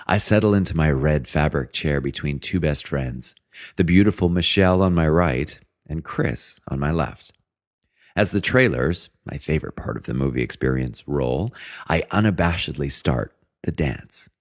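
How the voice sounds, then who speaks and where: Male audiobook reader, extremely deep voice, wry and chatty first-person delivery, dry close studio sound. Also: a little mellow, no echo. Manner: wry, conversational, with self-mocking asides. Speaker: audiobook narrator.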